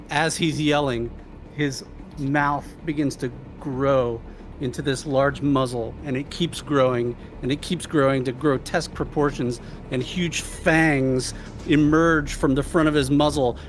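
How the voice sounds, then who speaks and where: A man's voice: fairly high pitch, fairly even intonation, slow pace, slight background noise. A man playing a tabletop game, narrating his character's actions and working through the rules aloud. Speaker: player.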